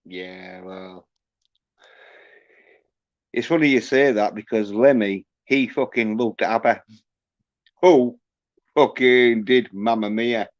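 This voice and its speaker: This livestream host is a man with a lowish voice who takes his time, leaving long pauses between heavy bursts of swearing as he rants. The audio has no echo but sounds dull and lo-fi.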